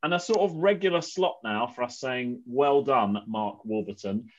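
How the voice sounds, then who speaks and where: A man hosting a casual football podcast, upbeat and gently teasing his co-hosts. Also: mid-range voice, moderate pace, muffled recording. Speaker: podcast host.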